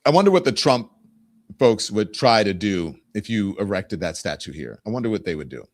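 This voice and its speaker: A man's voice: lowish voice, sing-song, moderate pace, no echo. A man hosting a political talk show, commenting sarcastically and with emphasis.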